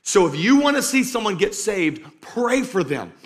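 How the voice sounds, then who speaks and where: A man preaching a sermon to a live congregation as pastor, driving points home by repeating them and moving between loud urging and slow, quiet emphasis. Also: high-pitched, big pitch swings. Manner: emphatic, repeats key lines for stress. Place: church stage before a live congregation.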